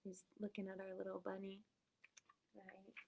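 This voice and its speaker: A woman from the United States reading a picture book aloud to children, animated and often checking in with "right?". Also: mid-range voice, moderate pace, creaky, very noisy. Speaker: story reader.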